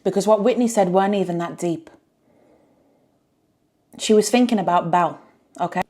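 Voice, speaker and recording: A woman's voice: lowish voice, normal speed, darkish tone. A woman reviewing a reality show, exasperated and firing rhetorical questions. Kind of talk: reaction review rant.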